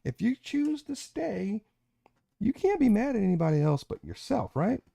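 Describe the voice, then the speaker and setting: A man's voice: high-pitched, big pitch swings, normal speed, vocal fry, dark tone, breathy edge, dry recording. A man hosting a casual online panel discussion, talking in an emphatic, lecturing way. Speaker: host.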